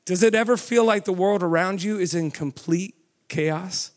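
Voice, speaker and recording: A man with a high voice delivers a sermon. He keeps turning to his listeners with questions and pushes them on with "come on". His pace shifts between brisk runs and slow, stretched words. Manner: asks the audience many questions, urging with "come on"; pace swings from quick to slow and drawn out. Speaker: preacher.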